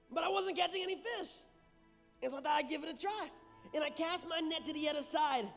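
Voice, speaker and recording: An actor playing the apostle Peter as an excitable, rambling fisherman who stammers, in a church skit. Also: very high-pitched. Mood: excited. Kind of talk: stage comedy-drama acting. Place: church stage. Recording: echoey church hall with music.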